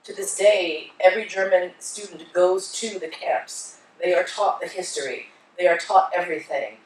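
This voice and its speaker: Speaking at moderate pace with a fairly low pitch, a woman delivers a conference keynote as an onstage conversation, telling stories with animated, acted-out voices. The hall sounds echoey and far away.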